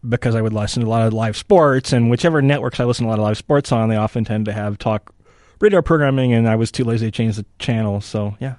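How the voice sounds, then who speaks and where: A man's voice: medium pitch, fast talker, a little mellow, no room sound, studio quality. A man analysing election forecasts in a casual podcast chat, thinking aloud and hedging with frequent "you know" and "right?".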